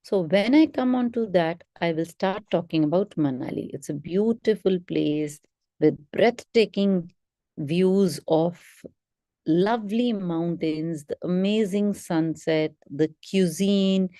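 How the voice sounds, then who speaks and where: Slow, mellow woman teaching a webinar. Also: on the low side, dry recording, studio quality. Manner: instructive, stresses key words, slow model readings. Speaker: English test prep teacher.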